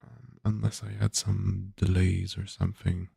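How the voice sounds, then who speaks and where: Gravelly low-voiced man thinking aloud. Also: level tone, a little slow, warm tone, no echo, studio quality. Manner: hesitant, many filler sounds. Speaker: game developer. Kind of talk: casual thinking aloud while coding.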